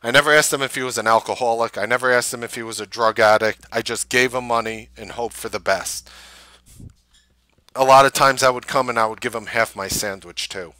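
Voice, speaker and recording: Bright-voiced man telling a rambling story. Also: medium pitch, a little fast, dry recording. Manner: rambling, filler-heavy anecdote with animated quoted voices. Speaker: show host. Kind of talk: casual storytelling. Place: Manhattan.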